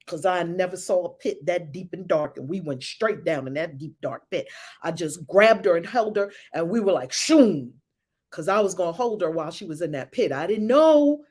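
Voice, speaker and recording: A middle-aged woman teaching a spiritual class in a blunt, animated, profane way. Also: lowish voice, moderate pace. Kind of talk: live online spiritual class talk.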